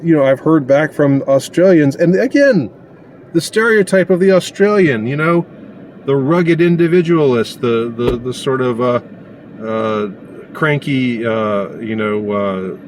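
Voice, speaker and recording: A man giving a casual opinion monologue, indignant and sarcastic, pausing often as he talks. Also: mid-range voice, slight background noise. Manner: indignant and sarcastic, halting with many pauses. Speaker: commentator.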